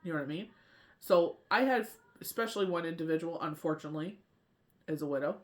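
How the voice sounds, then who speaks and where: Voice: medium pitch, fast. Rambling tarot reader talking casually. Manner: rambling, full of "you know what I mean". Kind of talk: casual spiritual talk to camera.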